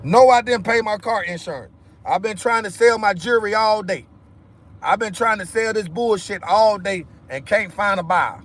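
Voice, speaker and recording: A man's voice: high-pitched, moderate pace, fairly bright tone. A man ranting heatedly on a livestream, repeating himself with profanity. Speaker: livestream host. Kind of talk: angry livestream rant.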